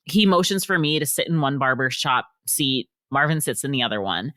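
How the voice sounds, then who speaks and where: A woman's voice: rumbling low, animated, brisk, fairly bright tone, no room sound, clean studio sound. A woman author talking as a podcast guest, telling stories animatedly and acting out the quotes. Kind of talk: casual storytelling in a podcast interview.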